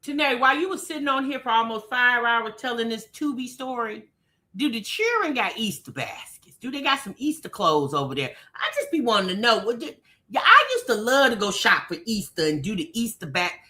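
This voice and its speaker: A woman's voice: on the high side, very animated, brisk. A woman co-hosting a casual livestream, teasing and laughing as she reacts. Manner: teasing, laughing, shouting, re-enacts quotes.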